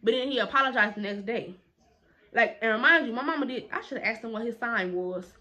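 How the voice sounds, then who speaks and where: A young woman telling a story in a casual vlog, animated and emphatic, with quick indignant retorts. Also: on the high side.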